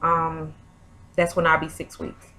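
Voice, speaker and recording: A woman's voice: deep voice, monotone, unhurried, bright, forceful tone, slight background noise. A young woman, vlogging in a chatty, rambling way full of fillers. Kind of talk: casual chat.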